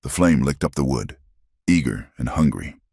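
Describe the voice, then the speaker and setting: A man's voice: rumbling low, animated, normal speed, gravelly, darkish tone, husky, no room sound, studio quality. A man giving dramatic scripted narration of a story.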